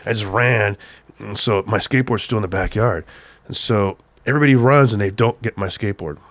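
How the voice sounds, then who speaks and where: Low-voiced older man telling a wild story. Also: a little fast, no echo. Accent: Southern Californian. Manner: profane, excited, acts out shouting quotes. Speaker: guest skater telling a story. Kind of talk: animated storytelling on a podcast.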